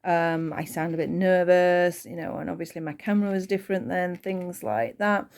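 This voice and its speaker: A woman's voice: lowish voice, normal speed, gravelly, a little mellow. A woman with a Northern English accent, chatting casually while teaching a crochet project. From Northern England. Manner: chatty, rambling asides with fillers. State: voice tiring. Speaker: crochet tutor.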